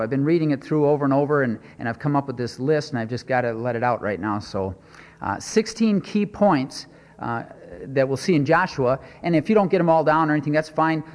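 A man's voice: a little high, in a large hall. A man preaching a sermon, stressing and repeating his points and asking rhetorical questions.

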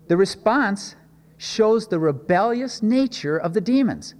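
Male preacher, fairly high voice, conversational sermon, rhetorical questions, long hall reverb. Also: animated, a little slow. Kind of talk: expository sermon.

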